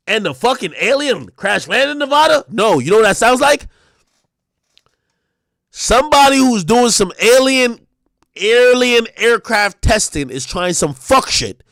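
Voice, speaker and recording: A man hosting a livestream, delivering a loud, profane comedic rant with shouted bursts. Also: very high-pitched, very animated, a little slow, no room sound, studio quality. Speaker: streamer and show host.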